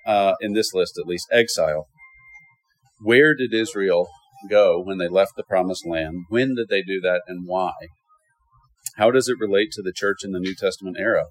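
A man's voice: sits low, moderate pace, faint music behind, low-quality recording. A man teaching a Bible lesson to a class, asking questions and answering them himself. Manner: lively questioning, with self-answered rhetorical questions.

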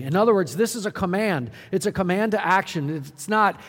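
A man preaching a sermon, earnest and urgent, swinging from loud emphasis to quiet, low moments. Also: expressive, a little fast, few pauses, long reverb tail. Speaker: pastor.

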